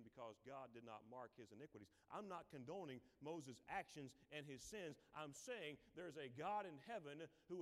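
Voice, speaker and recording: Male preacher, high animated delivery, dramatic character voices, long church reverb. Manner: sings hymn lines mid-sermon. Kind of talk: sermon.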